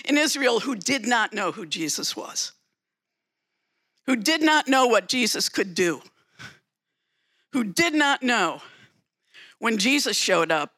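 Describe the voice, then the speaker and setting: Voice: sits high, sharp tone. A preacher giving a sermon, retelling a story dramatically with emphatic repetition.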